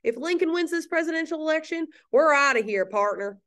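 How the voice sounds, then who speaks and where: A woman's voice: sits high, animated, fairly quick, a bit bright, pitched above the performer's own voice. A woman putting on a hammy Southern drawl. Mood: defiant. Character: defiant Southern state threatening to secede, personified.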